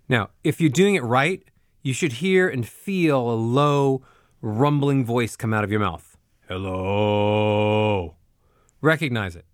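A man teaching a spoken voice lesson, explaining clearly and giving step-by-step directions in a measured way. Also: medium pitch, no room sound, studio quality. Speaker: voice coach.

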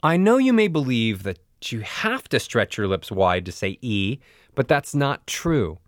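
A man's voice: medium pitch, sing-song, a little slow, no echo, clean studio sound. A man teaching a voice lesson, explaining and demonstrating mouth positions and vowel sounds aloud. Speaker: voice coach. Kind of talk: instructional voice lesson.

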